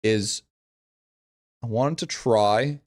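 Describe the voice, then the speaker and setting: A man's voice: fairly low pitch, drawn-out words, no echo, clean studio sound. A man streaming a game live, chatting casually with viewers in a blunt, profane way and repeating his phrases.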